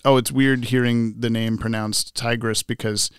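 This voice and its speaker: A man's voice: mid-range voice, level tone, moderate pace, smooth, no echo, studio quality. A man co-hosting a podcast in casual chat, joking and laughing often as he teases his co-host.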